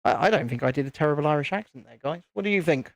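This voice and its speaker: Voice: mid-range voice, lively intonation, rapid-fire, no room sound. A host chatting casually on a live stream while building, rambling and repeating phrases.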